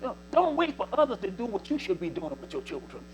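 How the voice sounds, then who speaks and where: A man in his seventies with a drawl preaches to his congregation in a high, animated voice that swoops up and down. He talks in a folksy, repeating way, leaning on little asides to drive each point home. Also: fast, slight background noise, rough recording. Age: 70s. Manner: folksy, repetitive, exhorting with 'see' and 'you know'. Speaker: church speaker. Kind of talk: preaching exhortation.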